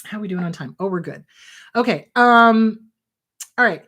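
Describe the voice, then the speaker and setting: A middle-aged woman therapist hosting a live advice show, answering viewer questions in an emphatic, warm and reassuring way. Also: mid-range voice, expressive, normal speed. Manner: emphatic, warm and reassuring, calls listeners sweetheart.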